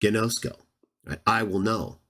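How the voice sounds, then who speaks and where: A man delivering argumentative scripture commentary at a slow, deliberate pace. He speaks straight at his opponents with a sarcastic, combative edge. He draws out the verses he reads aloud for emphasis. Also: fairly low pitch, bright, forceful tone. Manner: drawn-out emphatic reading of verses. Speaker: Bible teacher and channel host.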